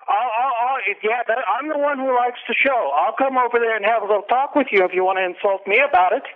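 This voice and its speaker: A man's voice: extremely high pitch, fast talker. Angry threatening man on a phone line. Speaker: caller. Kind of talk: phone call.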